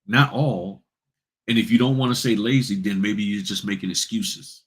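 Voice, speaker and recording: A man's voice: on the low side, moderate pace, husky. A man hosting a notary business vlog, giving blunt, straight-talking advice and repeating points for emphasis.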